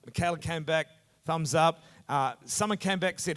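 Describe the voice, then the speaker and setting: Earnest New Zealand pastor in a hall. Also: male voice, fairly high pitch, measured pace, fairly bright tone, slight background noise. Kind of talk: casual conversation on a church stage. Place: church hall. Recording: echoey hall reverb.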